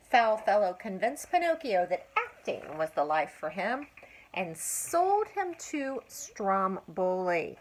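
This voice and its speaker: An older woman, a grandmother, reading a children's story aloud with expressive, drawn-out emphasis and asides to a child. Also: medium pitch, a little hiss or hum, rough recording.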